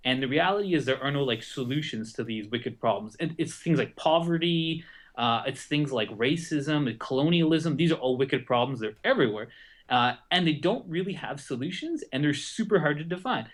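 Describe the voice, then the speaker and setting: A man's voice: a little high, lively intonation, a little fast. A man co-hosting a podcast, explaining ideas in a rambling, self-correcting way. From Canada. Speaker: podcast co-host. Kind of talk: casual podcast discussion.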